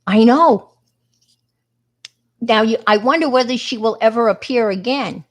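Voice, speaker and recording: A woman's voice: fairly high pitch, measured pace. A middle-aged woman with a New York accent, chatting casually with viewers on a crafting livestream and greeting them by name.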